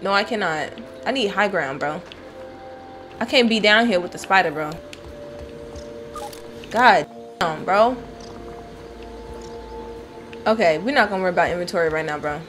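A woman's voice: fairly low pitch, animated, normal speed, pauses often, fairly bright tone, soft background music. A woman streaming gameplay, talking casually, swearing and yelping when startled. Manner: jumpy, swears and yelps in fright. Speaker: gaming streamer.

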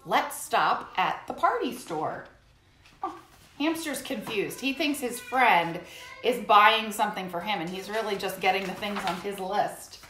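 A children's music teacher and host reads a story aloud for kids, speaking slowly in a medium-pitched, sing-song voice. She's animated and talks to the kids directly. The room is echoey, with a faint hiss.

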